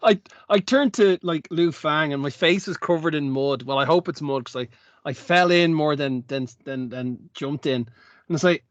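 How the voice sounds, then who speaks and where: A man playing a tabletop game, talking in an animated, stammering way as he jokes with the group. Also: a little high, normal speed, no room sound, lo-fi sound. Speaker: player. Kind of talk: casual tabletop role-play.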